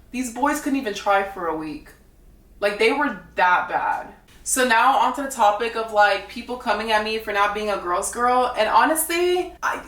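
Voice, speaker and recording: A woman's voice: a little high, a bit bright. A young woman, a reality dating show contestant, telling her side in a blunt, gossipy way, full of "like". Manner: blunt, gossipy, heavy use of "like". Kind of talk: casual storytelling to camera. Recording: echoey room, mic at a distance.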